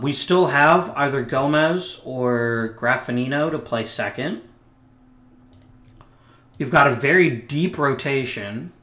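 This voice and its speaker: A man talks through a sports management game in a loose, wry way, trailing off into muttered asides. His voice sits at an ordinary middle pitch. The room around him is roomy and echoey. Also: fairly bright tone. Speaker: let's play host. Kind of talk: casual gameplay commentary.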